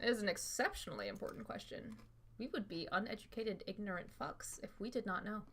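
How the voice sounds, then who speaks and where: A woman's voice: medium pitch, fast, fairly bright tone. A woman streamer chatting casually and bluntly over a game, swearing freely. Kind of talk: casual gameplay chat.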